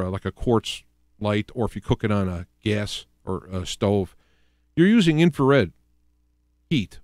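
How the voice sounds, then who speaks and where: Midwestern male talk host, mid-pitched, rambling delivery with frequent restarts, dry close-mic sound. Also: no echo. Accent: Midwestern American. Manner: rambling with many restarts and fillers. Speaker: radio show host. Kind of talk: casual solo talk show.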